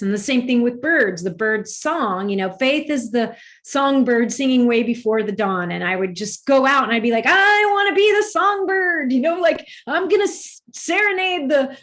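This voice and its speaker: A woman guest in a spiritual conversation, telling personal stories earnestly and rambling with restarts. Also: fairly high pitch.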